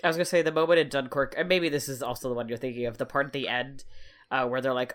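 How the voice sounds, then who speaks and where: Low voiced woman podcast cohost, teasing, acts out scenes. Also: very animated, fast. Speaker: podcast co-host. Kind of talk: casual chat.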